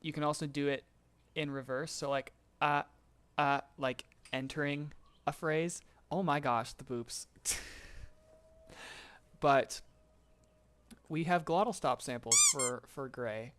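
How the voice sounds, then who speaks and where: A man explaining vocal tuning in a relaxed live-stream tutorial, chatting and laughing with his chat between explanations. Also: fairly high pitch, slow pace, clean tone. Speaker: streamer teaching voicebank tuning.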